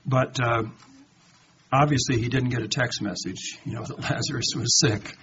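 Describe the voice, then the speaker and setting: A man's voice: medium pitch, moderate pace. A man giving a conversational Bible study sermon, reading verses aloud and then commenting with rhetorical questions, and acting out the quoted lines. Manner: dramatizes quoted lines in a lively voice. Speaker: Bible teacher. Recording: dull lo-fi recording with faint background noise.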